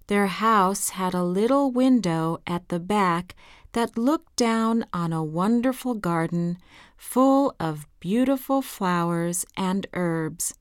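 A woman reading a children's fairy tale aloud in a slow, careful, gentle way. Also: medium pitch, animated, clean tone, dry recording, clean studio sound. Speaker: storyteller.

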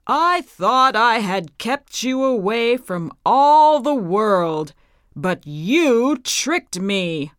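Woman doing a furious shouting old witch. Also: a little high, sing-song, extremely slow, no echo, clean studio sound, full character voice. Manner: shouting, scolding.

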